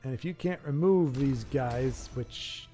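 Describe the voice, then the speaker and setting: A man's voice: mid-range voice, slow, warm tone, soft background music. A man casually commentating a card game on a live stream, reading chat aloud, rambling and correcting himself with jokes. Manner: rambling, self-correcting, jokey.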